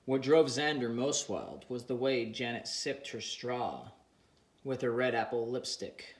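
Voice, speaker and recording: A man reads a story aloud in a plain, unhurried way. His voice has an ordinary middle pitch for a man. The recording carries a noticeable roomy echo. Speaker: audiobook narrator. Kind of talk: audiobook narration.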